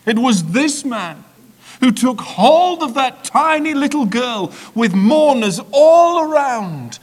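A man preaching a sermon in a measured, repetitive build-up, swinging dramatically between hushed and loud delivery. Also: extremely high pitch, very animated.

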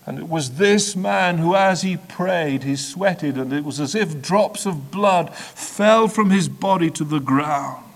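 A slightly high-voiced man preaches a sermon, building in a measured, repetitive way and swinging dramatically between hushed and loud delivery.

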